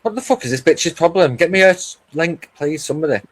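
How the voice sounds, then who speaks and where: A man's voice: on the high side, lively intonation, quick pace. A man, a guest on a live-stream panel, talking bluntly and in an agitated way. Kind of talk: casual live-stream chat.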